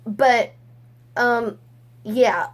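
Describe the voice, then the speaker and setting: A woman's voice: a little high, very slow. A woman vlogger giving casual, blunt opinions, rambling with lots of fillers and swearing freely.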